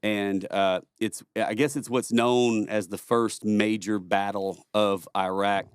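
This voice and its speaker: Guy, middle-aged, low voice, profane, chuckly storyteller, dry studio sound. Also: steady tone, slow pace, smooth, dry recording. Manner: rambling, laughs a lot, profane. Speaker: podcast guest, former Marine. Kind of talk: casual storytelling chat.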